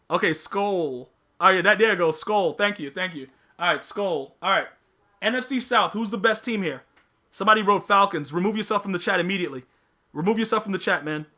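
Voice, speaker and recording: High-pitched, bright, and pushed, this man's voice carries a live podcast stream where he talks casually with his audience. Slang, repetition, and teasing of the chat fill his talk.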